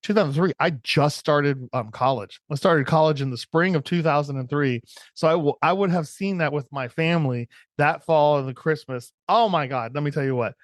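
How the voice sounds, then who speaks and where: A man's voice: a little high, normal speed, no echo, clean studio sound. A man in his forties co-hosting a podcast, chatting casually and enthusiastically, rambling with restarts. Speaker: podcast co-host. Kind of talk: casual chat.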